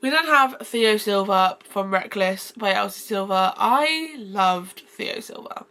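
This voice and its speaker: Gushing, gravelly-voiced woman book vlogger. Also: medium pitch, lively intonation, slow, sharp tone. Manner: gushing and effusive, rambling with restarts. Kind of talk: casual book-review vlog.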